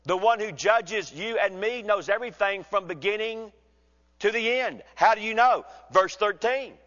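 A man preaching an expository sermon, measured and emphatic, slowing down to read scripture. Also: high voice, fairly bright tone. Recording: dull sound with long hall reverb.

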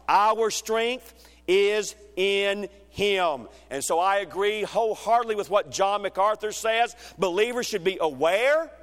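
A man preaching a sermon, emphatic, swinging between loud rhetorical questions and hushed lines. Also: high-pitched. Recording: long reverb of a large hall.

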